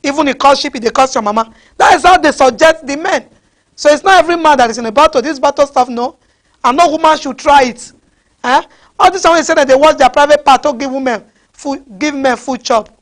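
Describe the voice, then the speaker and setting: A woman's voice: high-pitched, brisk. A woman with a Nigerian accent preaching a fiery sermon, scolding her listeners with repeated rhetorical questions.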